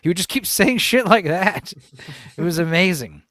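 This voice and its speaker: A man in his forties hosting a podcast in casual chat, laughing, swearing and doing animated impressions. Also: high-pitched, moderate pace, no echo, clean studio sound. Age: 40s. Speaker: podcast host.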